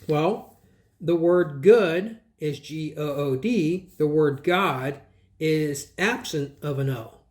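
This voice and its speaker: High-voiced scoffing man on a slow ramble. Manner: scoffing, spells out words letter by letter; digressive, restarts and trails off. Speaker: channel host reviewing a book. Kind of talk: casual rambling commentary.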